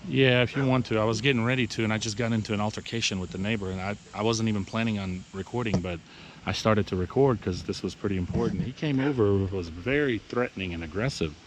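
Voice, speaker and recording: A man's voice: on the low side, fast. A man who runs a lawn care business, talking to viewers in a casual outdoor vlog, exasperated and repeating himself. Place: outdoors at a mowing job. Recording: outdoor noise with crickets.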